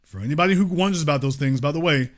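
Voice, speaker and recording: A man's voice: fairly high pitch, racing. A man hosting a call-in show, arguing hard with a caller and cutting him off again and again. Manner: confrontational, cuts in repeatedly. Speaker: host. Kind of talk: heated call-in debate.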